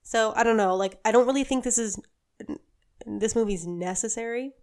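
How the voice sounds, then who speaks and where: Chatty woman with a smooth clear voice. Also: a little high, moderate pace, darkish tone. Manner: chatty, opinionated, laughs and corrects herself often. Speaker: podcast co-host. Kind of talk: casual chat.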